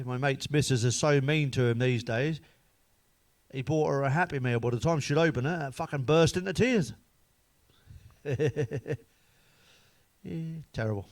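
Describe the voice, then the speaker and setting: A man runs through a string of crude jokes to camera, swearing freely. His voice sits at an ordinary middle pitch, and he chuckles at his own punchlines. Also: no room sound. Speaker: comedian.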